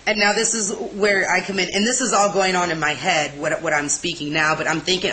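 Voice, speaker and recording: A woman's voice: lowish voice, steady tone, brisk, hardly any pauses, crowd noise, poor audio. A woman telling a personal story in a casual interview, candid and emotional, blunt at times.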